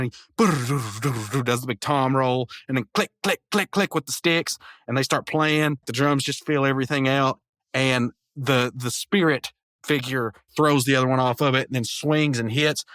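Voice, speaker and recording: A man hosting a podcast, eagerly retelling a cartoon episode with stammered restarts and quick character impressions. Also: mid-range voice, a bit bright, dry recording. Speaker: podcast host. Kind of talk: casual episode review.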